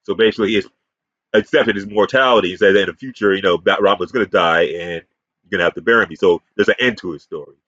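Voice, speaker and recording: A man's voice: low-pitched, fast talker, fairly bright tone, no room sound. A man giving a combative, profane, rambling ranting commentary as a YouTube commentator. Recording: dull, muffled sound.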